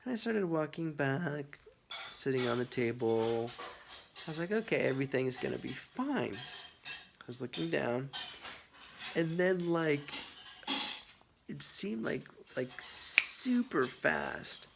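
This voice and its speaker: A man telling a funny personal story in a casual, animated way, with lots of filler words. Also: on the high side, takes it slowly, creaky, pauses often, background noise.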